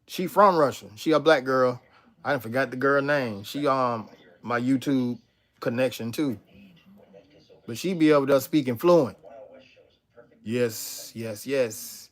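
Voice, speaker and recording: A man's voice: mid-range voice, unhurried, long pauses. A man hosting a casual livestream, chatting loosely with viewers and reading out their comments. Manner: laid-back, chatty, reads out chat and answers viewers. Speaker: livestream host.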